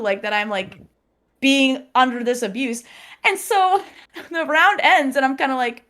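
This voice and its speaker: A young woman in casual chat, telling a personal story with lively acted-out quotes and frequent laughter. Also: high-pitched, normal speed. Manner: animated storyteller, acts out quotes, laughs often. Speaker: podcast guest.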